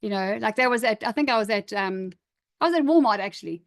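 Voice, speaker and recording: Middle-aged woman coach, slightly high voice, upbeat and emphatic, encouraging workshop style. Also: expressive, fast talker. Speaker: image coach. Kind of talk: live online workshop, reading out participants' comments.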